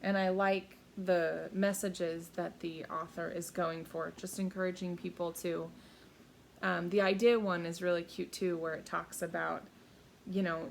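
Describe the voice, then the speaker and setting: A woman's voice: on the low side, vocal fry, a little hiss or hum. A woman in her thirties chatting casually and upbeat about books, with many fillers and restarts. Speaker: book vlogger. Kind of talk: casual book haul chat.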